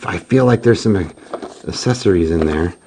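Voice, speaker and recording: A man's voice: deep voice, expressive, moderate pace. A man hosting his woodworking channel, chatting casually through an unboxing and narrating what he does as he goes. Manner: chatty, self-narrating, easily amused. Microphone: phone camera. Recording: noisy phone recording.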